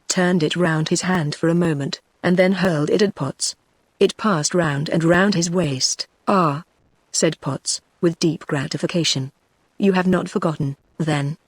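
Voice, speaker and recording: A text-to-speech voice of a woman with a British accent, reading a novel aloud in an even, measured way. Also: fairly low pitch, no room sound. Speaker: audiobook narrator.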